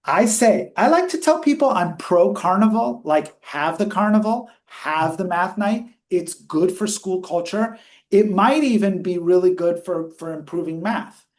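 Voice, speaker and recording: Man, researcher, webinar talk, lively, explanatory, speeds up on quotes. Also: high voice, a little slow. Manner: energetic, speeds up when quoting questions; teaching, explanatory. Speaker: researcher presenting study findings. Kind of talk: webinar discussion.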